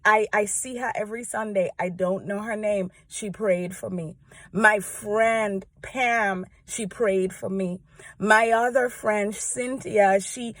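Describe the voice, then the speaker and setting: A woman's voice: medium pitch, no echo, clean studio sound. A woman speaking earnestly and heartfelt in a conversational devotional talk to camera, often checking in with "right?". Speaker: church praise team member sharing encouragement.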